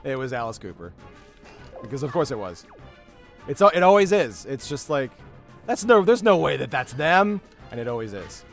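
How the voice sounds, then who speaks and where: A man's voice: mid-range voice, big pitch swings, moderate pace, soft background music. A young man in casual chat on a game stream, rambling through anecdotes with lots of filler. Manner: rambling storyteller, swears heavily when riled up. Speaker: streamer and voice actor.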